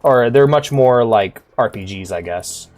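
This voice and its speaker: A man's voice: mid-range voice, animated, unhurried, a little mellow. A young man chatting casually as he plays and comments on a game, upbeat and rambling. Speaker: streamer.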